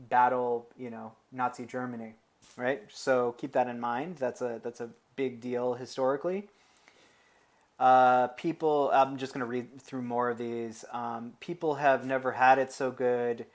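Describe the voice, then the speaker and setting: An American man teaching an informal lecture, talking through his material in a loose, conversational way. He wanders into asides and leans on fillers while still pressing his points. His pitch sits in the middle of the male range.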